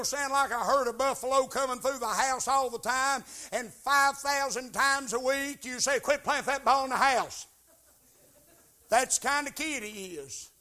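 A man preaching a sermon in church, pleading and swinging from shouted questions to hushed tones. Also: extremely high pitch. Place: church sanctuary.

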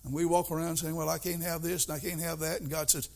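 A middle-aged man delivers a sermon in a folksy, storytelling way. His voice sits fairly high for a man. He drops to quiet asides and then rises to loud, emphatic bursts. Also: level tone, fast, creaky. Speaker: preacher.

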